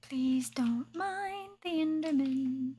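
Woman, young adult, game streamer, talks to herself, unhurried, slightly high voice. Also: warm tone, a little hiss or hum. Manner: chatty, talks to herself, often drops to a whisper. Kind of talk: live gameplay commentary.

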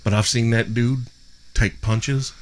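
A man hosting a podcast and telling stories in casual chat, animated and full of swearing. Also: mid-range voice, slow pace. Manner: profane, animated storyteller. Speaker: podcast host.

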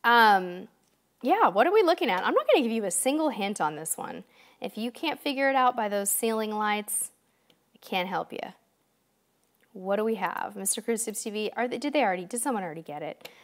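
A woman's voice: mid-range voice, expressive, a little fast. A woman hosting a live-stream quiz, chatting upbeat and directly to her viewers, a bit tired. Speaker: livestream host. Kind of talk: casual live-stream chat.

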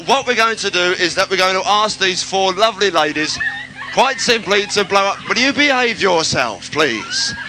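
A man's voice: high-pitched, poor audio. A man compering a live outdoor stage show on local radio, joking and teasing the crowd and calling out to them. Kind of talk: live outside broadcast compering. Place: outdoor stage in a town centre. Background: music playing.

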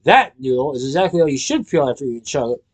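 A man voicing an eager, excitable young male chocolatier who talks with bright urgency. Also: medium pitch, fast talker. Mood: excited.

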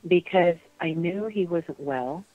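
Lady guest telling her story slow and halting, lo-fi radio audio. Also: on the low side. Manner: soft, halting, with many pauses. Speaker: interview guest. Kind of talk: emotional personal recollection.

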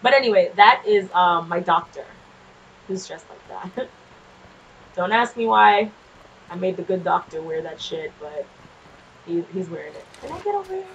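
A woman casually commenting on her gameplay, chatty and quick to swear, often laughing and talking back to the game's characters. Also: lowish voice, lo-fi sound, a little hiss or hum. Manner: nervous and jumpy in scary moments. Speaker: gameplay streamer. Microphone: desk microphone.

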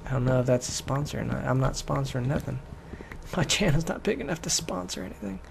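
A man rambles and jokes his way through a casual game let's play, poking fun at himself as he goes. His mid-pitched voice has a rough, gravelly fry. Faint noise sits under his desk-mic sound. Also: expressive, fast talker. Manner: joking, rambling, self-mocking. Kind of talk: casual gaming commentary.

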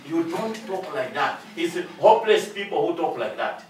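This Zambian man, preaching as pastor, speaks expressively at a normal speed with few pauses and a pitch on the high side. He repeats points for emphasis and performs short exchanges in various voices, his voice distant in an echoey room with slight background noise.

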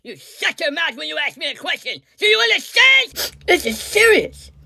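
A woman performs a self-righteous older politician who scolds and shouts. The voice is gravelly and husky, bright and pitched high, and it swings widely as she lectures. The sound is close and dry. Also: very animated, normal speed, no room sound, exaggerated voice. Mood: scolding. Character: shrill, indignant older female politician. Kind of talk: satirical sketch.

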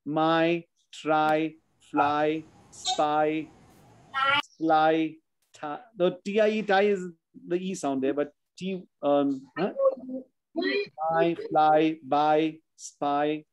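A man's voice: fairly high pitch, fairly even intonation, very slow, pauses often, clean tone, poor audio. A man teaching children spelling in an online class, patiently sounding out words letter by letter.

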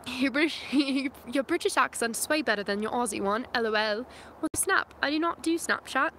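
Bright, high-voiced chatty young woman. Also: fairly quick, a little hiss or hum. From California. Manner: chatty and playful, tries out mock accents. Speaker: vlogger and snowboarder. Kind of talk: casual livestream chat. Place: inside a van. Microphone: phone camera.

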